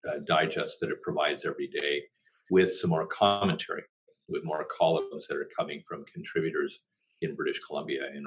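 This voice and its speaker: Middle-aged male journalist guest from Canada, very deep voice, measured and thoughtful, dull lo-fi sound. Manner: measured and thoughtful, with many "uh" pauses. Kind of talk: interview answers. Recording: dull lo-fi audio.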